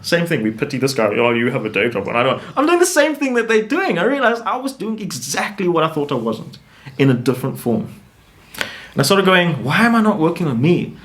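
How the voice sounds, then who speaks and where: Animated rambling man telling his story. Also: a little high. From South Africa. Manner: rambling and animated, with restarts and rising emphasis. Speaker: interview guest. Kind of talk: casual storytelling.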